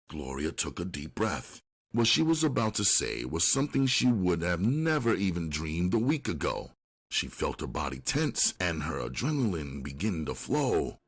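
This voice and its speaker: A man narrating an audiobook in a steady, unhurried storytelling manner. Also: low-pitched, husky.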